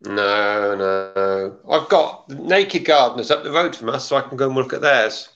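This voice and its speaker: A man's voice: medium pitch, animated, measured pace, fairly bright tone, lo-fi sound. A man chatting casually as a guest, dry and understated. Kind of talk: casual chat.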